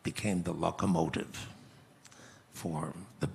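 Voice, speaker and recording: A man in his eighties telling a personal story slowly and reflectively as a guest in a conference interview, often restarting his phrases. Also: low-pitched, fairly even intonation, gravelly, darkish tone, a little hiss or hum. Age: 80s. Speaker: guest speaker.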